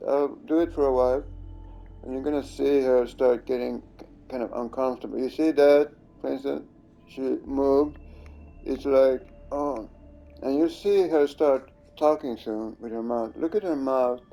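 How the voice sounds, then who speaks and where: Slow, dark-voiced man ranting over gameplay. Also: medium pitch. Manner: rambling and accusing, swears at the screen. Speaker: gamer recording his own gameplay. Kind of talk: casual commentary over gameplay.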